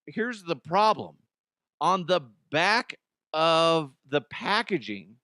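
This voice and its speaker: A man's voice: a little high, a bit bright, dry recording, studio quality. A man hosting a comedic news segment, rambling, swearing and laughing at his own jokes. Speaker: host.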